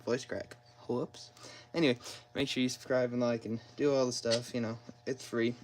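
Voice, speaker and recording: A car mechanic vlogger chats casually while working on an engine in a garage, rambling, talking to himself, and poking fun at himself as he explains each step. His mid-range voice is level at a moderate pace, recorded on a phone propped nearby with poor audio and slight background noise.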